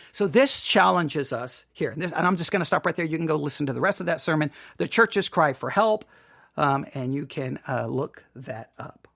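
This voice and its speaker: A man's voice: a little high, creaky, a bit bright, no echo, studio quality. A Texan man hosting a theology show, rambling and self-deprecating with many restarts. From Texas. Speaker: host. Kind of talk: theology commentary.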